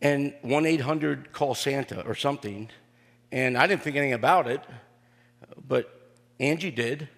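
An older man, a pastor, preaching a sermon and telling family stories in a folksy, joking way, often pausing on "uh". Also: medium pitch, vocal fry. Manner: folksy and joking, with frequent "uh" fillers. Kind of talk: sermon with personal storytelling. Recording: long reverb of a large hall.

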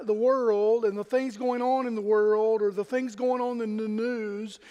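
A man pastor delivers a sermon in a strikingly high voice. He talks in a folksy, conversational way, often turning to the congregation with questions. His voice rings out with the long reverb of a church hall.

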